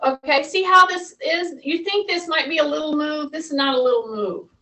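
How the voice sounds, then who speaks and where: A woman's voice: high-pitched, normal speed, pushed and bright, distant mic, low-quality recording. A woman fitness instructor talking viewers through a workout, chatty and coaching, repeating her cues.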